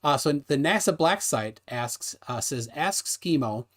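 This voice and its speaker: A man's voice: fairly high pitch, lively intonation, fairly bright tone. A man hosting a livestream debate in casual chat, reading out viewer comments and asking his guest questions with a bantering, teasing manner. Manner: bantering, questioning, quick laughs.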